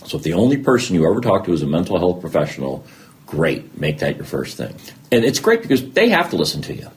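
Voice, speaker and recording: A man's voice: deep voice, wildly swooping pitch, fast talker. A man, a podcast guest, telling his own story candidly. He jokes at his own expense and acts out conversations he remembers. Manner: acts out remembered conversations, self-deprecating humor.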